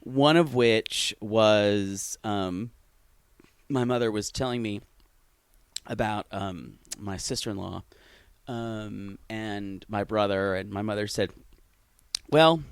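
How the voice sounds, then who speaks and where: A man co-hosting a podcast in casual comedic chat, animated and quick to laugh, slipping into mocking impressions. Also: on the low side, clean tone, dry recording, clean studio sound. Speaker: podcast co-host.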